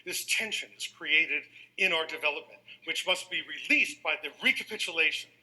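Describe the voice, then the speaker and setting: A man giving an animated music lecture to a live audience, leading them in counting beats and singing rhythms. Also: on the high side, normal speed, low-quality recording.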